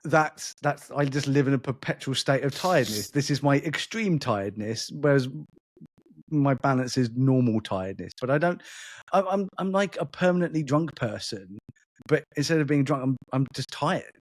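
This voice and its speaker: A man's voice: mid-range voice, expressive, normal speed, no echo, studio quality. A man co-hosting a podcast in casual chat, with an accent between London and polished English, rambling and restarting his sentences. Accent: London mixed with a more polished English. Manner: rambling, repeats words and restarts often. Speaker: podcast co-host.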